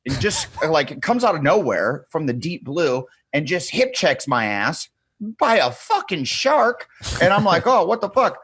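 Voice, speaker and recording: Podcast guest, male, lively yarn-spinner who quotes people in their voices; dry, close sound. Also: on the high side, unhurried, slightly rough, no room sound. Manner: animated storyteller, acts out quotes, swears freely, laughs often. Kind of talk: casual storytelling chat.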